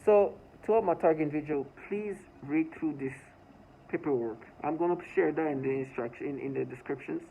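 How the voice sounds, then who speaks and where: Man, fairly high voice, halting and repetitive, earnest monologue, thin phone-like audio. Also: creaky, mellow. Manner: halting, repeats words and restarts often; earnest, urgent delivery. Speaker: vlogger. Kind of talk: personal video monologue. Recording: tinny phone-like audio with faint noise.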